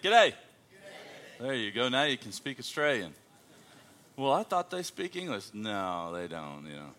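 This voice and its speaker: A man's voice: mid-range voice, sharp tone. A man preaching as a guest missionary in a church, playful and joking with the congregation. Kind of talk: sermon opening with jokes. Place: church sanctuary.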